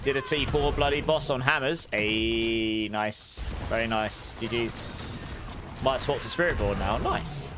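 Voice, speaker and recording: Loud chatty male game streamer. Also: medium pitch, a little slow. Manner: speaks loudly, audible breaths between sentences; rambling, self-correcting chatter. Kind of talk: casual chat with live viewers. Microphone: desk studio mic with high gain. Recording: clear background noise.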